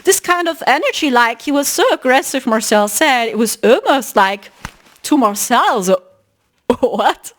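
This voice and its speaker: A woman hosting a spiritual podcast retells a story in a casual, animated and emphatic way. Her voice is high-pitched and she speaks at a normal speed.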